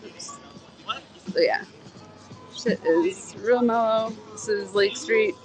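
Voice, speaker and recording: Unhurried woman streaming from a phone. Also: mid-range voice, music in the background, poor audio. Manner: rambling, laughs easily, chatty with viewers. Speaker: livestreamer. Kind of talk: casual live street stream. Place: city street at night, outdoors, walking. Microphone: phone held close to the face.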